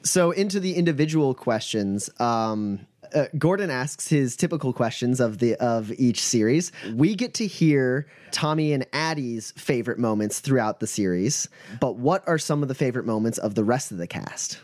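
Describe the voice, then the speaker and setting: A man's voice: medium pitch, animated, moderate pace, darkish tone. A man hosting a tabletop game podcast, chatting casually with many fillers. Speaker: podcast host and game master.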